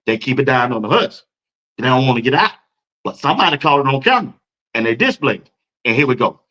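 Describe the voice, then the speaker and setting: A man's voice: mid-range voice, sing-song, fast, bright, forceful tone, dull audio. A man hosting a sports talk show, talking in a casual, hyped-up way and laughing between points.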